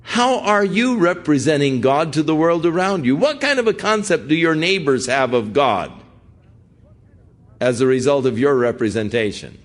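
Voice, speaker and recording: A man's voice: fairly high pitch, expressive, moderate pace. An older man, a pastor, teaching through a Bible passage in an earnest, conversational way and putting direct questions to his listeners.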